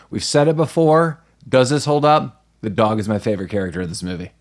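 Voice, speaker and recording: A man co-hosting a casual movie-review podcast, jokey and animated, often laughing, recorded in a small room with his co-host. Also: medium pitch, moderate pace.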